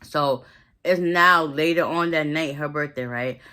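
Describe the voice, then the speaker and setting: A woman's voice: low-pitched, measured pace, sharp tone. A woman casually recapping a movie plot in a chatty, slangy way, acting out the characters' lines as she goes.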